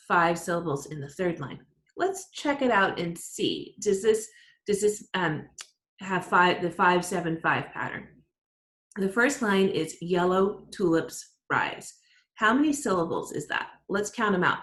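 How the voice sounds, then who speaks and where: A woman teacher giving an online writing lesson to her class, upbeat and encouraging, explaining slowly. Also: lowish voice, lively intonation, a bit bright. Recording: roomy echo.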